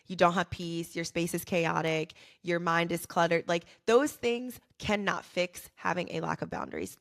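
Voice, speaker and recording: Woman podcast host, low with vocal fry, earnest encouraging faith talk. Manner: earnest and encouraging, repeating key phrases for emphasis. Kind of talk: faith-based motivational podcast monologue.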